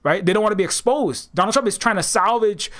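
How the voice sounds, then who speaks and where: A man with a rather high voice delivers a rambling, heated political monologue to his channel's viewers. He stumbles and restarts often and slips into mocking put-on voices. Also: fast talker, a bit bright. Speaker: political commentator, channel host.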